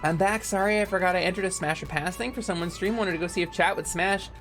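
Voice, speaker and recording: A young woman streaming a video game, chatting casually with her viewers, joking around and yelling playful bits. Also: lowish voice, fast, faint music behind. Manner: animated, joking, shouts bits and laughs often.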